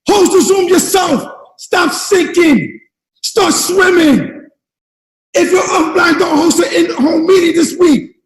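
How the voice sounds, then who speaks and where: A man giving a fired-up motivational speech on a team call, shouting and repeating himself like a preacher. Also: very high-pitched, roomy sound, big-room sound, rough recording. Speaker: network marketing leader.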